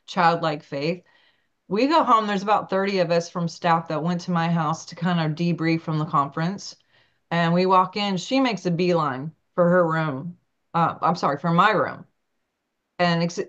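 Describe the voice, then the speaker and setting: Lively woman telling stories, lo-fi audio. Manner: animated, acts out quotes with big pitch jumps. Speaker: guest, naturopathic doctor. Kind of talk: storytelling in an interview.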